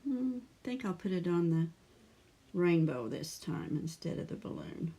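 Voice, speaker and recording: A woman's voice: on the low side, lively intonation, normal speed, warm tone. An older woman hosting a scrapbooking channel, chatting casually and greeting viewers by name while she works on a page. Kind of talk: casual crafting livestream chat.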